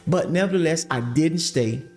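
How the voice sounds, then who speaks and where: A man's voice: a little high, moderate pace, darkish tone. A man telling his life story in a podcast, speaking animatedly and calling his listeners family. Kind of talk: casual testimony storytelling.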